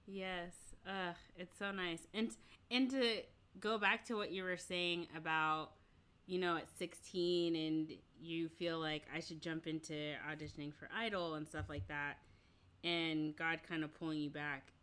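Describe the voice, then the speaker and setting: Woman hosting a podcast, casual chat, lively storytelling tone. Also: fairly low pitch, measured pace, smooth. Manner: expressive, acts out quoted voices. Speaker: podcast host. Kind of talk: casual faith conversation.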